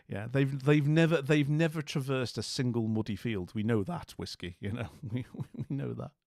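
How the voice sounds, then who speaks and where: A man's voice: mid-range voice, moderate pace, vocal fry, darkish tone, no echo, studio quality. A man with an English accent hosting a casual livestream, rambling and jokey with lots of restarts. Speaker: livestream host.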